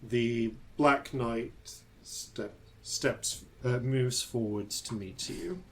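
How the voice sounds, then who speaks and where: A man narrating a tabletop game as its dungeon master, unhurried and halting, with many fillers. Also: medium pitch, fairly bright tone, rough recording.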